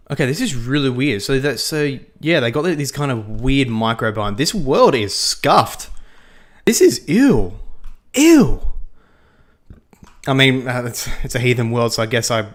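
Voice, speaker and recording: A man's voice: medium pitch, expressive, moderate pace. A young man chatting casually while livestreaming a game, rambling, repeating himself and laughing often. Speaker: livestream host. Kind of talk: casual gaming livestream chat.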